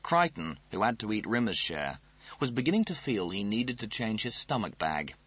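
Male audiobook narrator, lowish husky voice, lively delivery, dry booth. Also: no echo.

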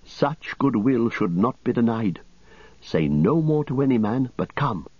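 A quiet, resolute young rider, as a male narrator puts him on, talking softly and low in volume. The voice sits well above the reader's own. It comes through a slightly dull recording. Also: lively intonation, measured pace, husky, no echo. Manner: soft, hushed delivery.

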